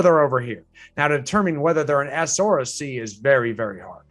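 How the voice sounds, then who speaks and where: A man's voice: big pitch swings, brisk, fairly bright tone, faint music behind. A man teaching real estate agents in a training lecture, emphatic and full of rhetorical questions, repeating his key points. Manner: swings pitch up and down for emphasis.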